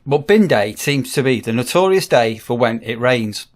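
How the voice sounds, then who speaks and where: A man's voice: mid-range voice, expressive, normal speed, dry recording, clean studio sound. A man, a campsite warden chatting casually in a rambling vlog with wry asides. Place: on the move, outdoors and in a car.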